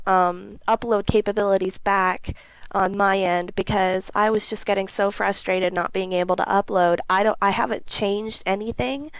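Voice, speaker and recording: A young woman with a hoarse voice from a cold, talking frankly and casually in a video update with many ums. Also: medium pitch, steady tone, normal speed, no echo, lo-fi sound. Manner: chatty, frank, lots of ums. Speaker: gaming video host.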